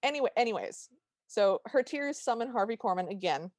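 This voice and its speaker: A woman's voice: fairly high pitch, fairly quick, no room sound, studio quality. A woman co-hosting a podcast, recapping an episode and acting out quotes as she goes. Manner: animated storyteller, acts out quotes. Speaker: podcast co-host. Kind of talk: casual recap chat.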